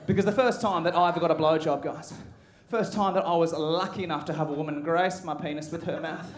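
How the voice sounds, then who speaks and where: A man's voice: on the high side, steady tone, quick pace. An Australian man in his thirties doing crude, punchy stand-up as the show host, talking straight to a live crowd. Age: 30s. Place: comedy club stage with laughing audience.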